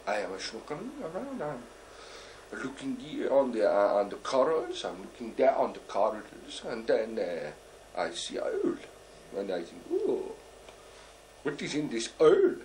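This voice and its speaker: A man plays a bumbling, boastful deep sea diver in a character stand-up monologue, a comic storyteller rambling through his tale in broken, halting English, constantly pausing for "uh" and "you know." His pitch swoops lively up and down, and a faint hiss sits behind him.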